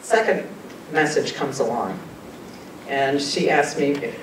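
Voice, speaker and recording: A woman tells her personal story in an earnest, chatty way, sometimes moved almost to tears. She sounds far from the mic in a reverberant meeting room. A low rumble runs beneath her voice. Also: slow pace. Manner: earnest, conversational, often laughs and quotes people. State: emotional, choking up at times. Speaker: guest speaker sharing personal experiences.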